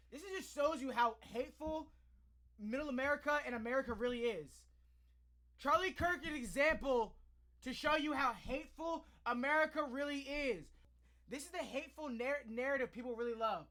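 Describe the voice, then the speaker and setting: Fired-up man ranting in reaction commentary. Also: extremely high pitch. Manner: heated, profane, animated ranting. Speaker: reaction video host.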